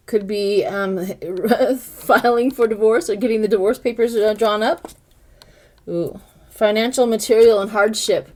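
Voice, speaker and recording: A woman's voice: fairly high pitch, a little mellow. An older woman giving a casual tarot reading to her viewers, thinking aloud as she interprets each card. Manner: chatty, speaks directly to viewers. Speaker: tarot reader.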